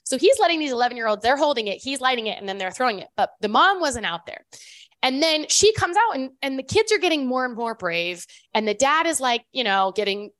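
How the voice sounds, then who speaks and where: A woman's voice: sits high, very animated, a little fast, fairly bright tone, no echo. A woman co-hosting a podcast in casual chat, rambling with lots of fillers and restarts. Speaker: podcast co-host.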